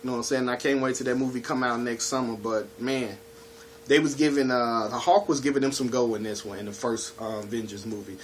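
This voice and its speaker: Brief: easygoing man, mid pitch, relaxed chatty reviewer, faint noise behind. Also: fairly quick. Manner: laid-back, chatty, keeps saying "you know what I'm saying". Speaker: home video collection reviewer. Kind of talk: casual video review.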